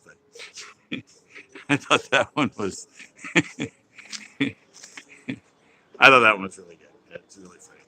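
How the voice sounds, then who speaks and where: A man's voice: mid-range voice, pushed and bright, poor audio. Chuckling man on a pier. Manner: rambling, chuckling often. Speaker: fishing livestream host. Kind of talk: casual live-stream chat. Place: outdoor pier.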